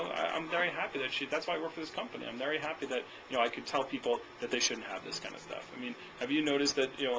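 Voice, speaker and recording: A young man in a noisy room running a sales training demo, talking fast and energetically and ending his points with "okay?". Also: mid-range voice.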